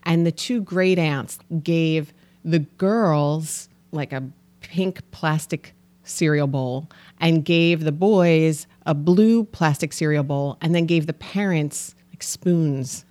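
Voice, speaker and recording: A woman co-hosting a podcast, talking in relaxed, casual chat. Her voice sits a little low and she giggles easily. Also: slow pace. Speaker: podcast co-host.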